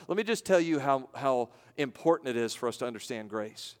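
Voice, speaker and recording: A pastor from the United States delivering a sermon, moving between raised emphasis and hushed, low-spoken passages with rhetorical questions. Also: male voice, lively intonation, brisk, hardly any pauses. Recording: long reverb of a large hall.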